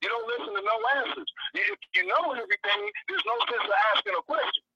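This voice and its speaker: A man's voice: very high-pitched, sing-song, fast, pushed and bright, breathy edge, no echo, dull audio. A man, a guest in a heated religious debate, speaking in an insistent, lecturing way.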